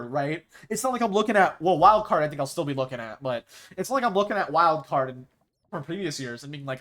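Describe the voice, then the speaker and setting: Young guy streamer, high-ish voice, rambly casual chat, lots of "like" and "dude". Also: expressive, quick pace, a bit bright. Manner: rambling, restarts often, says "dude" and "like".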